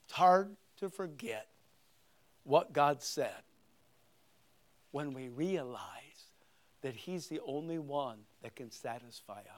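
An older man with a high voice preaching a sermon. He punches key lines loudly and slows down to stress them, then drops into quiet, conversational asides. The delivery is animated and informal, like a pastor talking to his congregation.

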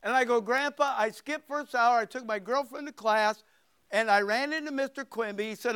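A man in his sixties preaching a sermon, telling a folksy story and acting out the voices in it before rising into forceful preaching on scripture. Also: very high voice, moderate pace, clear, resonant tone. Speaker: pastor.

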